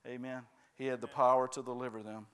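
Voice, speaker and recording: A male preacher delivers a sermon, working the congregation with steady calls of "right?" and "amen?". His voice is smooth and resonant, sitting at an ordinary middle pitch for a man. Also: fast.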